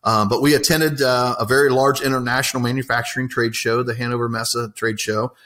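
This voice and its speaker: A man's voice: medium pitch, steady tone, a little fast, sharp tone. Enthusiastic man. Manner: enthusiastic, rambling storyteller with many fillers. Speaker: apprenticeship coordinator. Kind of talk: casual interview talk.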